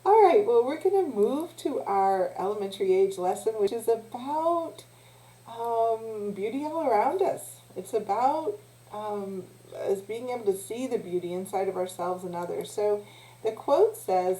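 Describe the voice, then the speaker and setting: A woman teacher leading a children's lesson, talking in a gentle, encouraging way with small pauses and restarts. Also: medium pitch, animated. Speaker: youth teacher. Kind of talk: children's lesson, guided breathing. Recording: echoey room.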